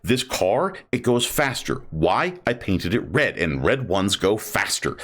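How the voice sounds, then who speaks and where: A man chatting casually on a livestream, rambling in an animated way and jumping into high silly voices. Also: normal speed. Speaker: streamer building model kits.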